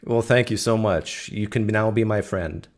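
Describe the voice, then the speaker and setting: A man hosting a casual live question-and-answer stream, teasing and animated with his callers. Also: on the low side, moderate pace. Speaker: livestream host.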